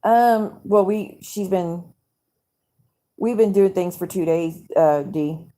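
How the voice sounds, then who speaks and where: A woman rants angrily into her live stream at home at night, cursing freely and rambling from one complaint to the next. Her voice is dark and mellow, and she talks straight to her viewers in a casual way. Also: on the low side, takes it slowly. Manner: angry, profane, rambling rant to viewers. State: angry.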